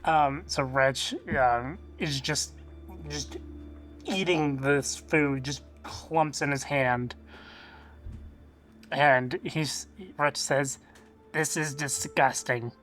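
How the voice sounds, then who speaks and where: A woman's voice: extremely low pitch, very slow, pauses often, fairly bright tone, faint music behind. Hesitant woman narrating her turn. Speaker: player. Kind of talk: narrating her character's actions.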